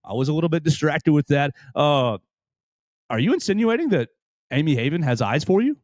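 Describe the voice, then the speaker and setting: A man's voice: a little high, big pitch swings, a little fast, no room sound. A man hosting a casual wrestling talk show, rambling and restarting his sentences playfully. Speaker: host.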